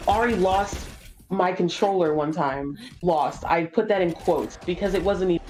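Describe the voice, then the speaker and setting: A young woman chatting casually during a game stream, telling stories with lots of "like" and swearing, copying kids in squeaky voices. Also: moderate pace, a little mellow, low-quality recording. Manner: casual swearing, says "like" a lot. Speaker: streamer co-host. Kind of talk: casual chat while gaming.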